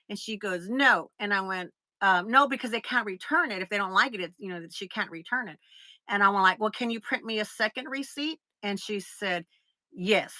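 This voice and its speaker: A woman's voice: a little high, pushed and bright, no room sound. A middle-aged woman with a Southern US accent, chatting to her livestream viewers and telling a long story full of fillers. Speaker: livestream host. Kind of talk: casual chat.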